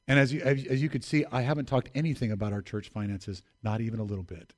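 A pastor preaching a sermon, emphatic, repeating key phrases and appealing directly to the congregation. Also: male voice, mid-range voice, flat delivery, fast talker.

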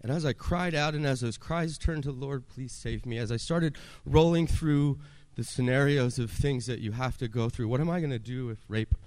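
A man in his forties tells his life story in an earnest, heartfelt way, now and then acting out what he once pleaded. His voice sits at an ordinary middle pitch. The sound is close and dry. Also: normal speed, a little mellow, no room sound. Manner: earnest storytelling, acts out his own past pleas. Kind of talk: personal testimony talk.

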